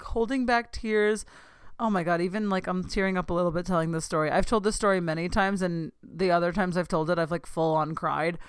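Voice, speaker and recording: A young woman hosting a podcast, telling a long excited story in casual chat, gushing and saying "like" a lot. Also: mid-range voice, clear, resonant tone, dry recording, clean studio sound. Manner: gushing, excitable, says "like" often. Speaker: podcast host.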